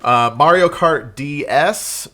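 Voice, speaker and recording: A man's voice: a little high, slow pace, pushed and bright. A congested young man with a cold, rambling casually through a show-and-tell about things he resold, with plenty of fillers and restarts. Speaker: reseller vlogger.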